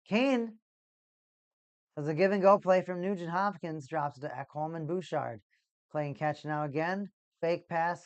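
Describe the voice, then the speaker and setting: A mid-range voice on a dry recording delivers laid-back hockey commentary for a livestream watch party. The excitable host raises his volume at the big moments.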